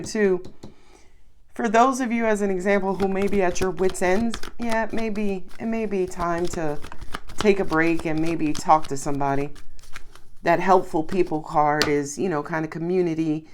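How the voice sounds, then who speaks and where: A woman's voice: lowish voice, slight background noise. A woman with a Southern US accent giving a chatty, reassuring tarot reading to her viewers. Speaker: tarot reader.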